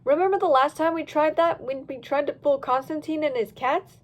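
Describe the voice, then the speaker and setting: A woman's voice: high voice, moderate pace, lo-fi sound, close to an everyday voice. A woman voicing a cautious, sensible male Dalmatian pup, talking firmly and with some worry. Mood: fretful firm.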